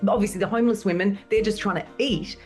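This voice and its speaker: An Australian actress chatting as an interview guest, animated and talkative, with emphatic asides. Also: female voice, mid-range voice, quick pace, faint music behind. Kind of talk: casual interview chat.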